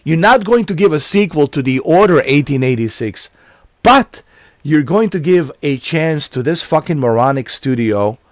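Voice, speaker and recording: A man ranting angrily about video games, swearing constantly and breaking into shouts. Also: on the high side, no echo, studio quality. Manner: profane, shouting in bursts. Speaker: gaming channel host. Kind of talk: angry rant commentary.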